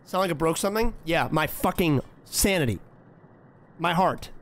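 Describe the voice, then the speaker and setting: A man's voice: fairly high pitch, expressive, moderate pace, a little hiss or hum. A young man streaming a horror game, chatting to himself, trash-talking the characters and swearing freely. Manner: profane, trash-talking, jumps to frantic yelling when scared. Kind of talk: horror game let's-play commentary.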